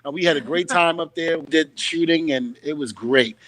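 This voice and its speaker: Guy hosting a chat show, kinda high voice, tells stories big and emphatic. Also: moderate pace. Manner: animated storyteller, emphatic. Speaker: host. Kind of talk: casual interview chat.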